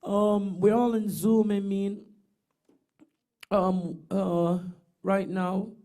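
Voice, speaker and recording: A woman's voice: mid-range voice, level tone, drawn-out words, mellow. A middle-aged woman, giving tender, rambling eulogy remarks for her brother over a video call. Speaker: bereaved sister giving a eulogy.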